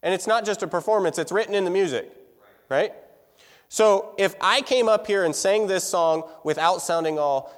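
A man's voice: sits high, normal speed, long reverb tail. A man teaching music to a room full of people, talking casually and asking them questions. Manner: conversational, asks the room questions. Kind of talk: classroom lecture.

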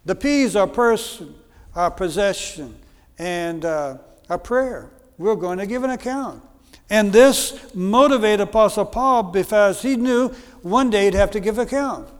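An unhurried, high, clear voice with a resonant tone belongs to a middle-aged American guest preacher. His sermon is earnest and repetitive, peppered with frequent fillers, and echoes with a long hall reverb.

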